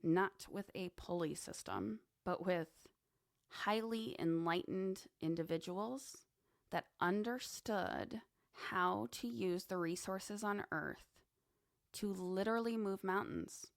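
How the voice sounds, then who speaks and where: A woman's voice: mid-range voice, takes it slowly, gravelly, dry recording, studio quality. A woman hosting a podcast, musing in a casual monologue with conversational asides. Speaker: podcast host. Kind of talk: casual monologue on esoteric topics.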